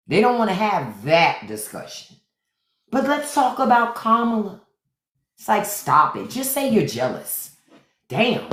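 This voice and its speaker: A man's voice: high voice, a bit bright. A man hosting a livestream, ranting bluntly and profanely in a casual chat style. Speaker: podcast host. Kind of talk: livestream rant. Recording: echoey room.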